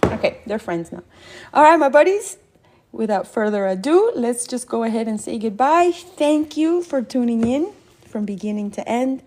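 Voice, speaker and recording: A woman's voice: on the high side, expressive, moderate pace, darkish tone. A woman hosting a live painting stream, chatting casually and playfully with viewers and giggling often while she paints.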